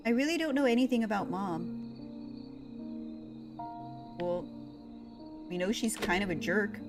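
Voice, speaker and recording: A woman's voice: mid-range voice, expressive, a little slow, pauses often, over music. A young woman, playfully chatting with her viewers by name while streaming a cozy game. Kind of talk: casual live-stream chat with chat.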